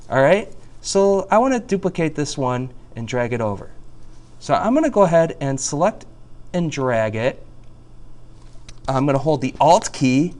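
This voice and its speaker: Chatty man teaching software step by step. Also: mid-range voice. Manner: chatty, jokey, talks through each click. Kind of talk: screen-recorded software tutorial.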